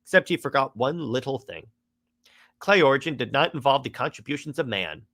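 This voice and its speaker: A man's voice: mid-range voice, expressive, brisk, fairly bright tone. A man giving a casual, exasperated critique of a comic run, rambling with frequent restarts.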